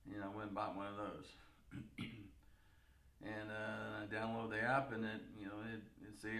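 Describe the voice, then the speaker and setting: A man's voice: fairly low pitch, flat delivery, normal speed, pauses often, sharp tone, roomy sound. A man telling a long story casually to camera, rambling and laughing, with a stuffed, nasal sound. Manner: rambling, lots of "you know" and laughs. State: nasal congestion. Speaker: vlogger.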